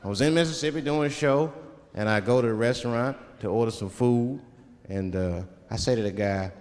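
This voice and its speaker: A man performing stand-up comedy on stage, telling profane, animated stories. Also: mid-range voice, a little fast. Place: comedy stage before live audience. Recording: live stage hall with crowd.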